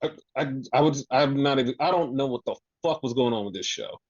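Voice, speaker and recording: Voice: mid-range voice, brisk, a little mellow. A podcast co-host ranting in exasperation through a casual wrestling recap, swearing often. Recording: dull lo-fi sound.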